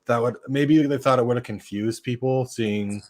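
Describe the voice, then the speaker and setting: A man hosting a casual watch party chat, talking loosely and swearing freely. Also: mid-range voice. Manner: casual, swears, talks fast when excited. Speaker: host.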